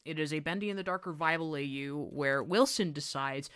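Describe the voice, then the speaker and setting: A young adult woman chatting casually on a livestream while she draws, excitable and gushing, laughing often. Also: sits low, brisk, few pauses, smooth. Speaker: art streamer.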